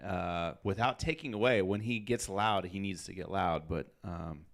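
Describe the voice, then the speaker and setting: A man's voice: low voice, moderate pace, vocal fry. A man co-hosting a music review stream, talking in a thoughtful, hesitant way with many fillers. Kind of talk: casual chat.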